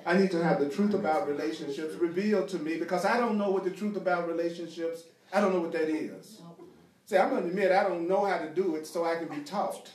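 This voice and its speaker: A man's voice: on the high side, fast talker, a little mellow. A man leading a spiritual study group with an emphatic, conversational delivery that repeats phrases and slips into jokes. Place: meeting room with a small group, streamed live. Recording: echoey room, mic at a distance.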